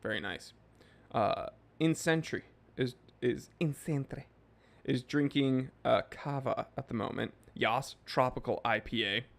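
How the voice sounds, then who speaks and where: A man's voice: mid-range voice, measured pace, gravelly. A man in his thirties hosting a livestream, casually reading viewer comments aloud and joking with the chat. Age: 30s. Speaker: livestream host.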